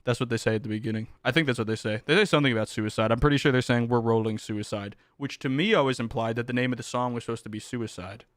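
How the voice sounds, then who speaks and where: A man's voice: mid-range voice, very fast, few pauses, a bit bright, no room sound, studio quality. A man streaming live, chatting casually with his chat, joking and swearing as he reacts. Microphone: close desk mic with headphones.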